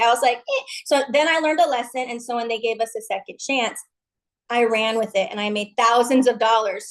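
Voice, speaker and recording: Woman, high voice, team leader, pep talk, emphatic, upbeat, folksy slang. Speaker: MLM team leader on a call.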